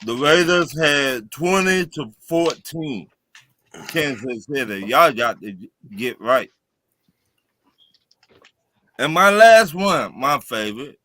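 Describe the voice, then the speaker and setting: Slow, animated man mocking teams. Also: fairly high pitch. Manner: mocking, drawn-out and sing-song, cries out in mock grief. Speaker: podcast co-host. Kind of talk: casual sports banter.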